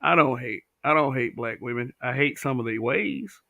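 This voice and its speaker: Gravelly guy ranting on his livestream, cussing, reading chat, dry sound. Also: medium pitch, moderate pace, bright, forceful tone, no room sound, dull audio. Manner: blunt, profane, talks back to chat. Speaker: livestream host reading comments. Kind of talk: casual livestream commentary.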